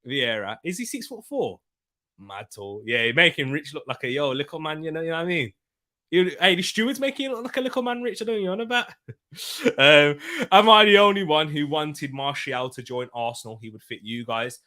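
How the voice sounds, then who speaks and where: A young man's fairly high, expressive voice moves at a fairly quick pace with a sharp tone. He's hosting a live football watchalong, chatting casually, joking around with viewers, laughing frequently and reading out chat comments.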